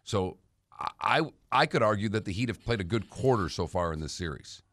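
A man co-hosting a sports radio show, giving steady, matter-of-fact analysis in casual sports talk. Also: lowish voice, brisk, no echo, studio quality.

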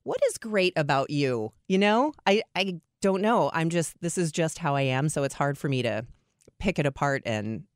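Lively self-deprecating woman telling stories. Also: normal speed, no echo, studio quality. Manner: lively, self-deprecating, acts out quotes with big pitch jumps. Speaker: radio host, guest. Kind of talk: conversational interview storytelling.

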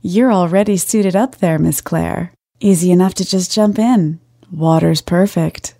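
A woman's voice: fairly low pitch, unhurried, mellow, no echo, clean studio sound. A woman voicing a friendly, flirty man from the American South with a slight twang. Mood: genial. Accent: Southern US (put on).

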